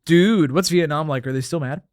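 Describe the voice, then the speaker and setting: A man's voice: a little high, moderate pace, no room sound, studio quality. A man hosting a podcast in casual, crude, rambling chat full of fillers and jokes. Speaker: podcast host.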